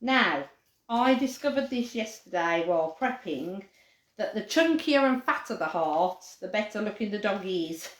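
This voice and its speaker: A woman's voice: mid-range voice, unhurried, roomy sound. A woman presenting a live craft lesson for children, chatty and cheerful, now and then barking like a dog for fun. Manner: chatty, animated, says dog barks playfully.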